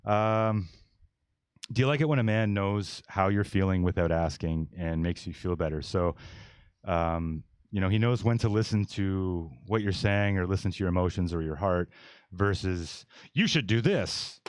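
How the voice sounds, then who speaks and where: A man in his forties with a very low voice hosts a casual podcast discussion. He talks bluntly and meanders, restarting sentences and piling on fillers. The sound is close and dry, with no room around it. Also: moderate pace, darkish tone, clear, resonant tone, no room sound. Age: 40s. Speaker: podcast host.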